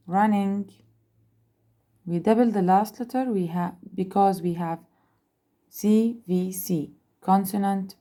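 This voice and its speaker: A woman teaching an English grammar lesson, speaking slowly, repeating words and spelling out letters. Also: medium pitch, warm tone. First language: Arabic. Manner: slow, repeats and spells out letters, switches into Arabic to explain.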